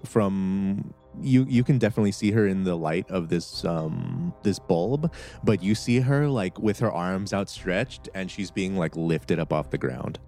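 A man's voice: low voice, a little slow, few pauses, mellow, faint music behind. A man narrating as game master of a tabletop game, laid-back and laughing often.

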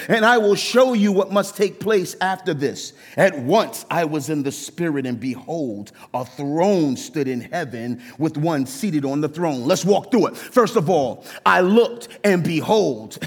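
High-voiced preaching man, reverberant church. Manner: animated preaching, acts out quoted voices. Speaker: pastor. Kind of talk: sermon.

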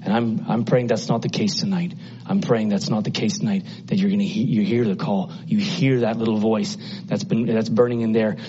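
A man preaching a sermon with passion, dropping to a hush and then climbing loud and high. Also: steady tone, a little fast, husky, highs cut off. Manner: impassioned, swinging from hushed to loud and high.

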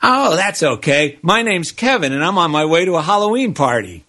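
A man's voice: on the high side, sing-song, moderate pace, sharp tone, exaggerated voice. A man putting on a kindly old nun. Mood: breezy. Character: elderly female nun, kindly and unflappable.

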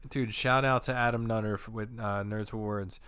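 A man who does stand-up, chatting as a podcast guest, swearing freely and riffing excitedly. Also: fairly low pitch, normal speed, slight background noise. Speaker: comedian guest. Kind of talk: casual chat.

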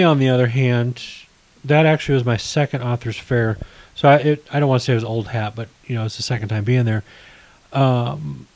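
A man's voice: medium pitch, gravelly, darkish tone, rough recording. A middle-aged man co-hosting a casual podcast, telling rambling stories and correcting himself as he goes. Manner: rambling storyteller, self-correcting. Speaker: podcast co-host. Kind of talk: casual chat.

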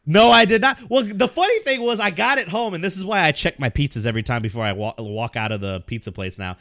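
A man's voice: a little high, quick pace, no room sound, studio quality. A young man co-hosting a podcast, telling stories in casual chat with lots of swearing and laughter. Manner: animated storytelling, swears often, laughs. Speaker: podcast co-host.

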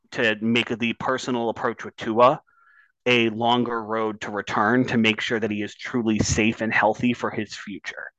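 A man's voice: medium pitch, a bit bright, no echo, muffled recording. A man talking sports on a podcast, building up heat and swearing when he gets worked up. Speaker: podcast co-host. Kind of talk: casual sports talk.

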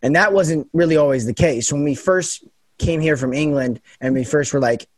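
A man's voice: fairly high pitch, moderate pace, dry recording. A young American man with a standard American accent, a political science student, casually explaining things in long run-on sentences. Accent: General American. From United States. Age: young adult.

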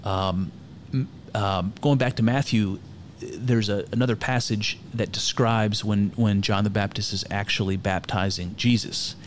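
A man's voice: lowish voice, fairly even intonation, a little slow, slight background noise. A man giving casual spoken commentary on scripture, frank and irreverent, swearing freely and thinking aloud with lots of fillers.

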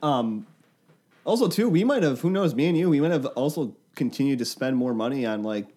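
A man's voice: medium pitch, lively intonation, a little fast, mellow. A man chatting casually as a podcast co-host, telling stories and laughing easily. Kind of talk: casual chat.

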